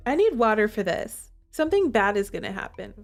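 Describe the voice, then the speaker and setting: A woman streamer reading a dark visual novel aloud, chatty and dramatic between lines. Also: medium pitch, brisk, creaky, soft background music. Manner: chatty, animated, dramatic narration. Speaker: game streamer.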